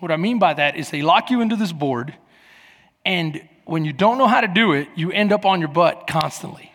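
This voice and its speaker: A man in his forties preaching a sermon as pastor, telling stories with lively acted-out voices and shouts. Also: on the high side, normal speed, long reverb tail. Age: 40s. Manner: animated storytelling, acting out voices and shouts. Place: church.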